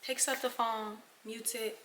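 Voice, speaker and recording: A young woman vlogger telling a casual storytime, animated and talking straight to her viewers, sometimes dropping into dramatic whispers. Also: a little high, a little slow, noisy background. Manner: addresses viewers as y'all.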